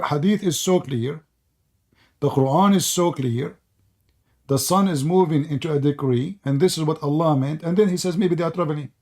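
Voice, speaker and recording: Hosting a live debate stream, a man with a darkish voice on the high side mocks others in a sarcastic, laughing, sing-song taunting way. After hours of talking, he is nearly losing his voice.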